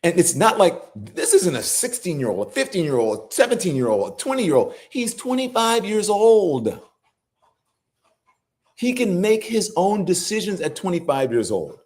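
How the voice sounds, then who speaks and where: A man's voice: high-pitched, sing-song, moderate pace, a little mellow. A middle-aged man hosting a live political commentary show, scolding and incredulous, swearing freely as he argues. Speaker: host.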